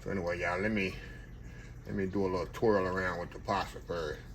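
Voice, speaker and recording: Deep-voiced and level in tone, an older man talks a little fast over slight background noise. He's hosting a home cooking video, making food in his kitchen and chatting folksily with the viewers he calls y'all.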